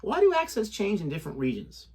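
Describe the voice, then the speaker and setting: A man's voice: high-pitched, wildly swooping pitch, quick pace, darkish tone, slightly rough. A young man co-hosting a reaction video, chatting casually, joking and laughing often. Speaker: reaction channel co-host.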